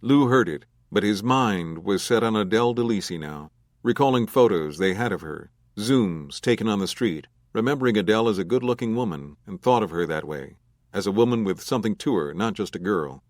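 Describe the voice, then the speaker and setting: A man reading a crime novel audiobook as narrator, in a measured, even storytelling manner. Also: fairly low pitch, no echo, studio quality. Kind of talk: scripted narration.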